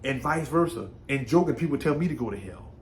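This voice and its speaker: A man's voice: mid-range voice, lively intonation, brisk, a little hiss or hum. A man from Brooklyn, New York, giving a casual, folksy faith talk, often repeating words as he thinks. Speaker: faith vlogger.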